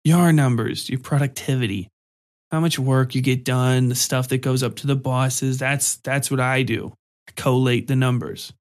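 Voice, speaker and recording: A man voicing a drunk, crude, leering male office worker who mutters slowly and sloppily. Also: mid-range voice, steady tone, natural voice. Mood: mocking.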